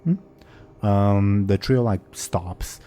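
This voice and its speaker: Slow, low-voiced male game master. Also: smooth. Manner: relaxed, with many fillers. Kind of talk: narrating a tabletop role-play game.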